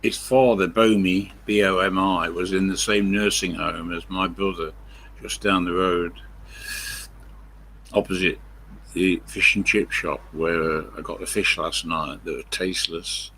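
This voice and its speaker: Slow gravelly older man. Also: low-pitched, steady tone, pushed and bright. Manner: meandering storytelling with many pauses and fillers. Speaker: live-stream host. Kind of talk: rambling anecdote on a live stream.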